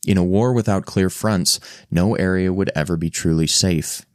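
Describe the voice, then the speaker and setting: A man giving measured, grave scripted documentary narration. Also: deep voice, dry recording, clean studio sound.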